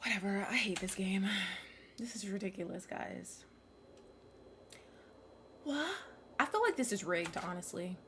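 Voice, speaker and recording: A young woman streaming a game, talking to her chat, loud, emotional and profane, laughing often. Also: medium pitch, lively intonation, unhurried, pauses often, slight background noise.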